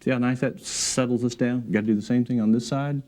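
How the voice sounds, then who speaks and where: A man giving a relaxed, encouraging painting demonstration in his studio, talking while he works. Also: medium pitch, fast talker. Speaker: painting instructor. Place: art studio.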